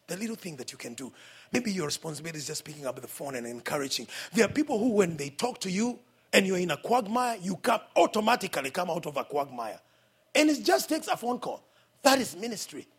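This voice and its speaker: A man preaching a sermon in church, his voice pitched high and husky. He holds a handheld mic and moves between loud exhortation and soft asides, keeping the congregation answering with amens. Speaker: pastor. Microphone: handheld microphone.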